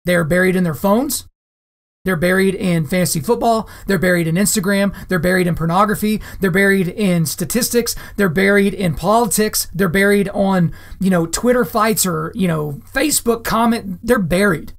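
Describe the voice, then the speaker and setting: In a high, creaky voice at a moderate pace, a podcast host delivers a solo monologue, speaking directly and emphatically to listeners he calls guys, repeating phrases to stress them.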